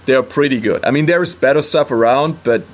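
A man's voice: mid-range voice, moderate pace. A man from Southern Germany with a German accent, a music producer guest talking casually with many ums. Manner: relaxed, hesitant, many ums. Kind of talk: casual interview.

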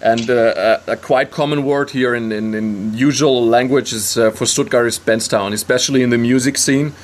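A man's voice: mid-range voice, normal speed, a little hiss or hum. German guy with an accent, music producer, kinda hesitant, lots of ums. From Southern Germany. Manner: relaxed, hesitant, many ums. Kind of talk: casual interview.

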